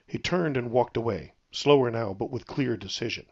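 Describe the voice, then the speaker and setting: Guy reading his own fantasy novel, steady, gravelly voice, dull lo-fi sound. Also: mid-range voice, brisk, hardly any pauses. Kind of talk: storybook narration.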